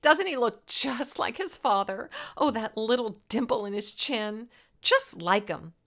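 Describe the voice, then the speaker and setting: A woman's voice: mid-range voice, sing-song, normal speed. A woman voicing a smug, giggling young mother who brags about her children in a sing-song, snide way. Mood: gushing smug.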